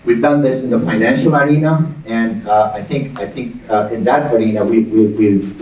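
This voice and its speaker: A middle-aged man, a university's acting president, speaking at a town hall in a halting way and repeating words as he thinks aloud. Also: on the low side, darkish tone. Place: large hall with audience. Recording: echoey hall, distant mic.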